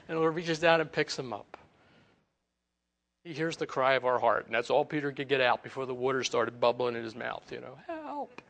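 A man's voice: medium pitch, fairly even intonation, moderate pace, creaky, long pauses, sharp tone, a little hiss or hum. A man preaching a sermon, telling a Bible story with acted-out quotes and frequent laughter. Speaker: pastor.

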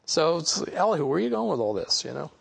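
A man's voice: on the high side, sing-song, quick pace, creaky, slightly rough. A man teaching a Bible study, reading passages aloud and commenting on them in a conversational way, with frequent "you know" asides.

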